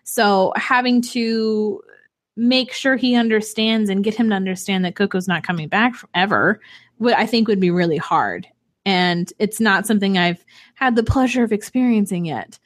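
A young woman and single mother chatting casually as a podcast co-host, telling animated stories. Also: mid-range voice, moderate pace. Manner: chatty, animated storyteller with laughs. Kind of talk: casual chat.

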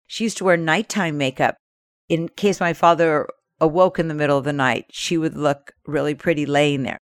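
A woman's voice: sits low, normal speed, clear, resonant tone, no echo. A woman telling a first-person story from her childhood in a candid, wry, conversational way.

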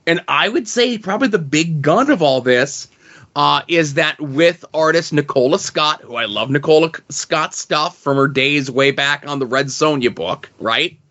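A man's voice: on the high side, normal speed, a bit bright, highs cut off. A man co-hosting a comics podcast in casual chat, rambling with lots of fillers. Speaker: podcast co-host.

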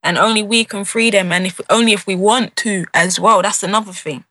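A woman's voice: mid-range voice, fairly even intonation, fairly quick, sharp tone. A woman from England, talking in an earnest, emphatic way in a casual conversation.

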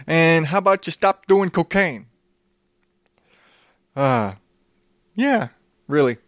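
A man with a slightly high, fairly bright voice hosts a show, speaking slowly but animatedly as he rants about odd news. He's sarcastic, swears a lot, restarts frequently, and sniffles now and then in this profane comedic segment. The studio sound is clean, with no echo.

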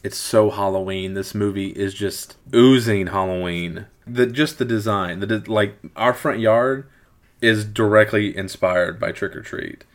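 Deep-voiced rambling father reviewing a movie. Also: unhurried. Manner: rambling, repeats words while thinking. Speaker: podcast host. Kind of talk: casual movie review chat.

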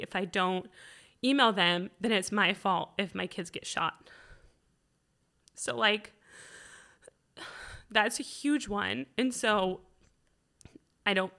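Woman in her 30s, podcast co-host, tense bright voice, loose rambling delivery. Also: mid-range voice. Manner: rambling, full of "like" and "um". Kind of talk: candid conversational chat.

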